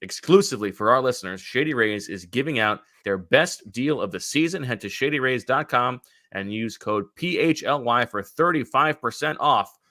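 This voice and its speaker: A man's voice: medium pitch, bright, forceful tone, no echo, clean studio sound. A man co-hosting a sports podcast, reading an ad and chatting about football with many fillers and restarts. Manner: halting, filler-heavy delivery. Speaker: podcast co-host. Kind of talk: casual sports chat with host-read ads.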